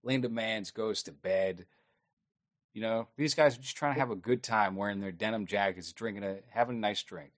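Podcast co-host, man, lowish voice, dry rambling plot recap, swears a lot. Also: normal speed. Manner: rambling, wry, swears freely. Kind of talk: casual chat recapping a film.

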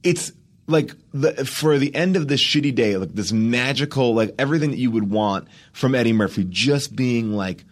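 A man's voice: medium pitch, normal speed. A middle-aged man, a podcast guest, telling a comic anecdote in casual chat and acting out the people he quotes. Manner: animated storyteller, acts out quoted people in shifting voices.

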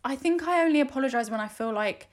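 A woman's voice: sits high, animated, quick pace. A woman co-hosting a podcast, chatting candidly and swearing freely. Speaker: podcast co-host. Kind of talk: casual chat.

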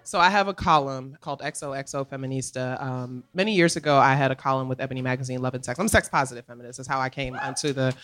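Animated woman, emphatic. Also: extremely low pitch. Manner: animated, emphatic, quick laughs. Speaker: guest. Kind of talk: live podcast interview. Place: comedy club stage.

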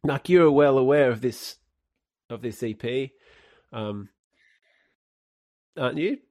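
Male podcast co-host, mid-pitched, dry and teasing. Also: lively intonation, slow, a little mellow, no echo. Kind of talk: casual chat.

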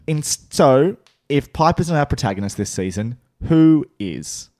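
An Australian man co-hosting a podcast, reviewing a TV show in quick, emphatic casual chat. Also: mid-range voice, very animated, dark tone, no room sound, studio quality. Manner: quick, emphatic, argues points. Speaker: podcast co-host.

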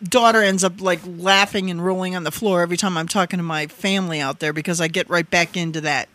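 A woman's voice: fairly low pitch, fairly even intonation, quick pace, a bit bright, no room sound. Laughing, chatty woman with a Wisconsin accent. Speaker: co-host. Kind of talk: casual radio show chat.

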